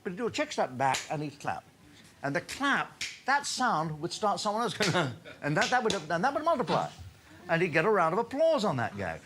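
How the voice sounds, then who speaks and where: A man, a comedian telling anecdotes on stage in lively storytelling punctuated by laughter. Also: high voice, moderate pace, background noise.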